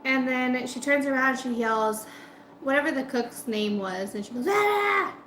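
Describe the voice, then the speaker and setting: A woman's voice: sits high, normal speed, reverberant, slight background noise, poor audio. A woman food vlogger chatting casually and telling a story while she eats. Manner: chatty, animated retelling with quoted voices.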